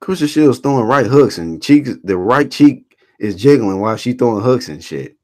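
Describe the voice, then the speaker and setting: A man's voice: mid-range voice, expressive, normal speed, darkish tone. A man rambling through casual live-stream commentary, reading chat comments and reacting in an incredulous, profane way.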